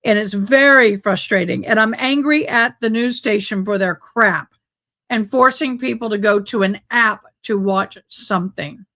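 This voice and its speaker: Her voice is medium-pitched and sharp, and she speaks unhurriedly. This woman hosts a casual YouTube livestream, talking in agitated, ranting bursts from a sunlit home room with a desk mic near her.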